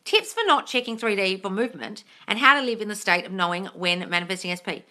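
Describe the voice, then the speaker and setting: A woman hosting a live manifesting Q&A stream, reading viewer comments aloud in casual chat. She swears freely, calls her viewers darling and breaks into gushing bursts of excitement. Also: medium pitch, fast talker.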